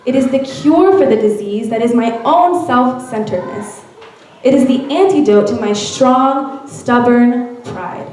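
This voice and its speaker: A fairly high-voiced woman reads a story aloud with expressive storytelling. She is heard from a distance in a very echoey church hall. She reads to a gathering. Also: a little slow, a little hiss or hum. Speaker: reader at a church Mother's Day event. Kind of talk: reading a narrative aloud. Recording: very echoey room, from far off.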